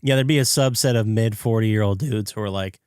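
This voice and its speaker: A man co-hosting a podcast, retelling a movie scene by scene and jumping into high, excited impressions of the characters. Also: fairly quick, smooth, no room sound, clean studio sound. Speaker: podcast co-host. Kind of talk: casual movie recap chat.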